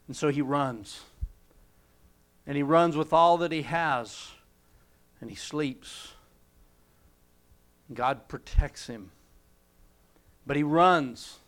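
A man preaching a sermon, retelling a scripture story and swinging between emphatic and hushed delivery. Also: a little high, takes it slowly, long pauses.

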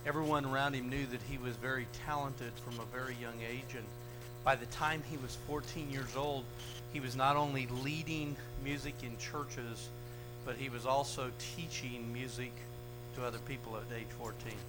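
A man preaching a sermon, swinging from loud, raised retellings of scripture to low, quiet asides, with an American accent. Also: fairly even intonation, moderate pace, over music, low-quality recording. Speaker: pastor. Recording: mains hum behind the voice.

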